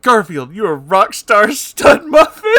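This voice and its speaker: A man's voice: sits high, sing-song, unhurried, fairly bright tone, dry recording, studio quality, pitched above the performer's own voice, exaggerated voice. A man reading as a flirty adoring woman fan.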